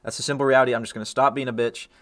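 A man's voice: mid-range voice, steady tone, very fast, fairly bright tone. A man casually commenting on his gameplay, swearing freely and mocking himself while strained from hot sauce. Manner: swears a lot, self-mocking, swings to yelps and groans. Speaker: gaming YouTuber.

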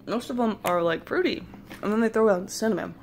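Snacking on jelly beans as she goes, a young vlogger casually recounts a long, meandering dream and mimics the voices of the people in it. Her pitch is medium and her pace a little quick, and the background is noisy.

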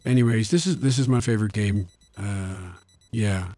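A mumbly, meandering old politician voiced by a Yorkshire man through a voice changer, with a Yorkshire accent still bleeding through. The tone is dark and mellow, and the sound is close and dry. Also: fairly low pitch, normal speed, dry recording, soft background music, voice pushed down. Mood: rambling. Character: rambling forgetful old male American politician. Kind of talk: gaming commentary in a put-on voice.

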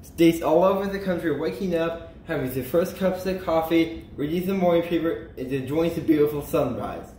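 A man reads a children's picture book aloud, slowing down and lifting his voice for emphasis. His voice sits a little high for a man. The recording is echoey with a faint hiss behind it. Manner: animated, slows and lifts pitch for emphasis and character lines. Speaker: storybook reader. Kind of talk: children's storybook read-aloud.

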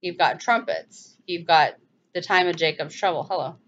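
A woman giving a casual, animated bible teaching, rambling with restarts and sudden exclamations. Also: fairly low pitch, moderate pace, dull audio.

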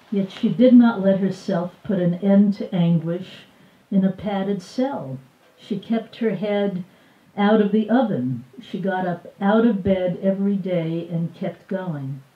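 An older woman reading from her own memoir at a bookstore event, measured and expressive, voicing the dialogue. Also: medium pitch. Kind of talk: live book reading. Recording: roomy, distant, dull live recording.

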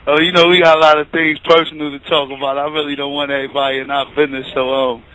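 A man calling in to a radio show, talking in laid-back street slang, smooth and flirty. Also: fairly high pitch, level tone, rapid-fire, fairly bright tone, poor audio. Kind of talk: call-in phone chat.

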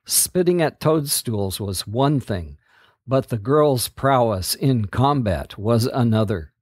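A man reading a story aloud as narrator, in a slow, steady delivery. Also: medium pitch, no room sound, clean studio sound.

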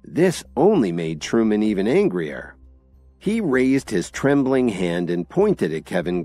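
Brief: male audio-drama narrator, low and lively, soft music bed. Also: normal speed, no echo. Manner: expressive storytelling.

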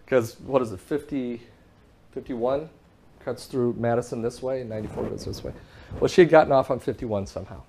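A man speaking to an audience, telling a story with lots of energy. He acts out both sides of a phone call and laughs often. His pitch sits in the middle range. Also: a little fast, a little mellow. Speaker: public speaker.

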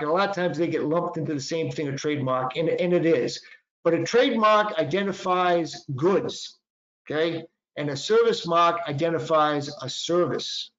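A middle-aged man with a Boston accent walks through a presentation as a patent attorney, chatty and full of fillers and restarts. His voice sits a little high. The recording is roomy and echoey, with a dull, lo-fi sound. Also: a bit bright. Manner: conversational, frequent fillers and self-corrections. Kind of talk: webinar presentation.

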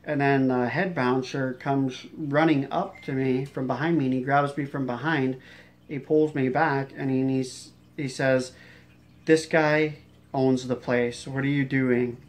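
A man's voice: medium pitch, steady tone, measured pace. Rambling man telling a bouncer story. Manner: rambling, many fillers and restarts. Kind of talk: casual storytelling vlog.

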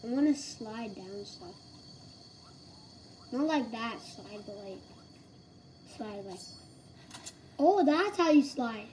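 A woman giving live gameplay commentary, excitable and slangy, with loud exclamations. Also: fairly high pitch, slow pace, long pauses, a little hiss or hum. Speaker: gamer.

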